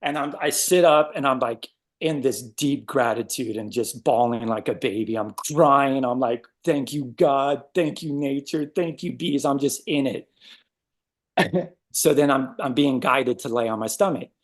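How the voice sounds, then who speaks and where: A man casually telling a personal story as a guest, animated and acting out his own reactions. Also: medium pitch, measured pace.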